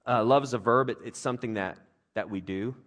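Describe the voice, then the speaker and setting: A man's voice: mid-range voice, a little fast. A man, a father of young kids, preaching a conversational sermon with jokes and playful put-on voices. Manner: animated, conversational, jokey, with playful voices for others. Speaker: pastor.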